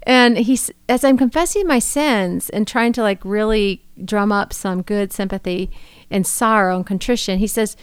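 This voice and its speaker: Woman with a smooth, dry voice telling stories. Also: mid-range voice, moderate pace, no echo. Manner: laughing often, animated retelling with quoted dialogue. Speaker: podcast co-host. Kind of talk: casual storytelling chat.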